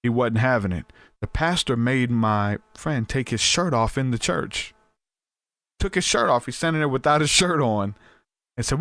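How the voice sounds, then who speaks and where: Podcast host, rambling storyteller, mid-pitched, dry close sound. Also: male voice, moderate pace, no room sound. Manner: animated, rambling, with frequent restarts and asides. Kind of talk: casual storytelling.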